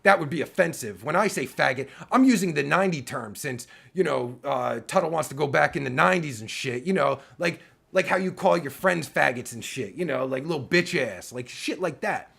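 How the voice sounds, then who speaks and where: A man ranting angrily and profanely on his livestream, heated and full of fillers, with a raspy voice. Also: on the high side, lively intonation, fairly quick, few pauses, fairly bright tone. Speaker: streamer and podcaster. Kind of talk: angry livestream rant.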